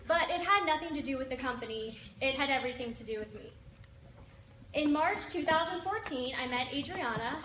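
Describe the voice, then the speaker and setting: A high-voiced young woman in her twenties tells her own story in an earnest, steady way. The recording is roomy and echoey, with noticeable noise behind her. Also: far from the mic. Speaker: direct sales team member. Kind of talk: personal success story. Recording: echoey room with background noise.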